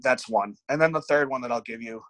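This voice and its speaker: Speaking briskly at a medium pitch, this male bodybuilding coach shares frank, profane stories in a relaxed podcast conversation, voicing the quoted lines himself. The audio is poor, though there's no room sound.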